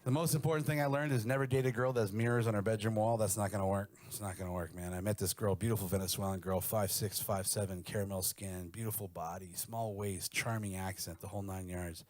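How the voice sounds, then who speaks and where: A man's voice: fairly low pitch, steady tone, fast, hardly any pauses, darkish tone. A man doing a crude, conversational stand-up set on a radio show, later chatting casually as the guest. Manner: crude, conversational storytelling with acted-out quotes. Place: radio studio.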